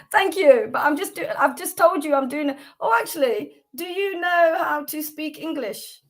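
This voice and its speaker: A woman's voice: high-pitched, unhurried. A woman from the United Kingdom hosting a devotional class on a livestream, talking earnestly with many fillers and restarts. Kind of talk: casual devotional livestream talk.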